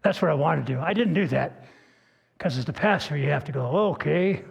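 An older male pastor preaches in a folksy, earnest manner, stopping to restart his words as he tells stories. His voice sits fairly high for a man and has a gravelly, husky grain. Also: fairly quick. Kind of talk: sermon with personal storytelling.

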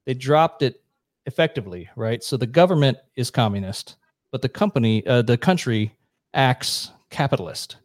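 An American man on a podcast, explaining history in a blunt, profane, brisk storytelling way. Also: medium pitch, expressive, no room sound, studio quality. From United States. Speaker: podcast guest. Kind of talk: casual explanatory chat.

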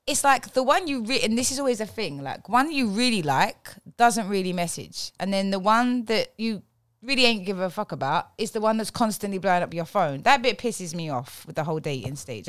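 A woman's voice: mid-range voice, lively intonation, moderate pace, dry recording, studio quality. A woman who hosts a podcast and leads the discussion in casual chat. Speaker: podcast host.

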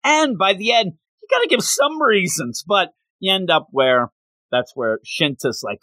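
A man hosting a podcast, retelling an anime episode in an animated, playful way in casual chat. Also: sits high, a little slow, no room sound. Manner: animated storytelling with playful bits. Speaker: podcast host.

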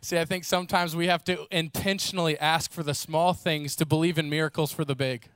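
A male preacher delivering a sermon with animated storytelling, slipping into the voices of the people he describes. His voice is high for a man and sits close and dry, with no room echo. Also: brisk, smooth. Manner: animated storytelling, acts out voices, casual fillers.

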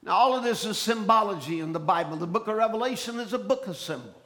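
A preacher delivers a fiery, expressive sermon at a fast clip, his voice very high, bright and forceful. He shouts his points and trades call-and-response with the congregation. As he builds, he frequently restarts and repeats phrases.

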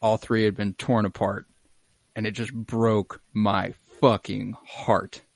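A man's voice: on the low side, level tone, slow, creaky, dry recording. Young man retelling a show, dry close mic. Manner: acts out lines in exaggerated voices, swears casually. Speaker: podcast co-host recapping an episode. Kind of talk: casual chat, animated retelling.

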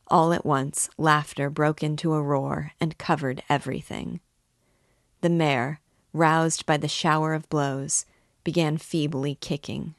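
A woman narrates a classic novel in a measured, even storytelling voice. Her pitch sits low and her pace is slow. The recording is dry and close. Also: dry recording. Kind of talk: audiobook narration.

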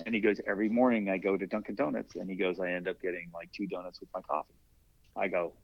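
An older man with a fairly low voice tells stories about the firehouse, slipping into the voices of the people he quotes. The sound is dry and a bit dull, like lo-fi podcast audio. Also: quick pace, no room sound. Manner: animated storyteller acting out quoted dialogue. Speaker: interview guest, masters athlete and former firefighter. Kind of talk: casual storytelling in an interview.

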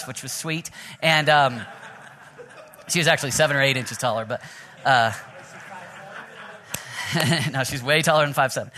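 A man in his thirties preaching a sermon, energetic and fast, often restarting his sentences. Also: a little high. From Oklahoma. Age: 30s. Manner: energetic, fast, self-interrupting with restarts and laughs. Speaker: pastor.

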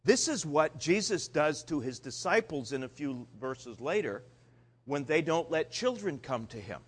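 Animated male preacher, fairly high voice. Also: measured pace, breathy edge. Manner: animated and conversational, with dramatic pitch swings. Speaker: pastor. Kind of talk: sermon.

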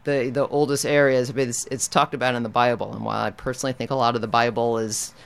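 Male radio host, smooth clear voice, rambling, self-correcting, studio interview. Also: medium pitch, little pitch movement, fast, a bit bright.

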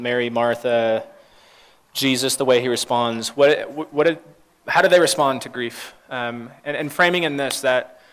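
Halting, conversational young male pastor. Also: medium pitch, a bit bright. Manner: conversational, halting with many fillers and restarts. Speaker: pastor leading a church talk. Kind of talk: informal sermon with group discussion.

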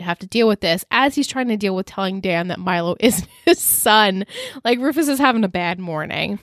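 A woman's voice: medium pitch, normal speed, no echo. Chatty recap co-host, woman, laughs a lot, swears, dry room. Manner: lively storyteller, swears freely, laughs often. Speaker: podcast co-host. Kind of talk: casual recap chat.

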